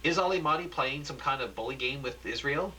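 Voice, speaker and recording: A man's voice: medium pitch, fairly quick, sharp tone, low-quality recording. A man voicing an anxious female news anchor who asks urgent, pleading questions.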